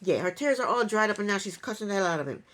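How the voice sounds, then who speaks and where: A woman's voice: mid-range voice, lively intonation, very fast, a bit bright. A woman giving a casual reality TV recap in an opinionated, sarcastic way, with chuckling asides.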